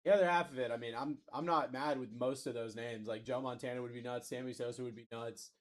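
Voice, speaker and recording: A man's voice: medium pitch, fairly even intonation, quick pace. A man hosting a live card break stream, calling out picks and chatting casually. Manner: calls out picks, hypes spots.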